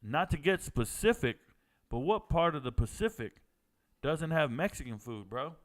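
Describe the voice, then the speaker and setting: A man from Georgia hosting a live sports watch party, chatting and joking with viewers and reacting loudly to plays. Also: on the high side, moderate pace. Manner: joking banter with chat, excited outbursts. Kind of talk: casual live-stream commentary.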